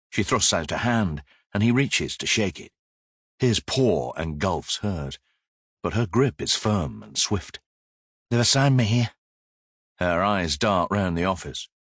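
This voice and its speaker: Low raspy-voiced guy reading a thriller, close dry sound, steady pace. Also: dry recording. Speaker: audiobook narrator. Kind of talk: scripted narration.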